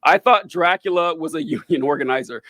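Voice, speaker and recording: High-voiced man in casual chat. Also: a little fast, sharp tone, no room sound. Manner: rambling, laughs often, swears casually. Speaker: podcast co-host.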